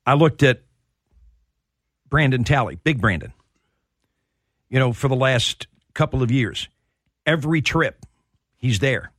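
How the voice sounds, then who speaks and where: A man's voice: medium pitch, lively intonation, unhurried, long pauses, fairly bright tone, dry recording, clean studio sound. A middle-aged man hosting a sports talk radio show, telling heartfelt stories with plenty of restarts. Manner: heartfelt storytelling.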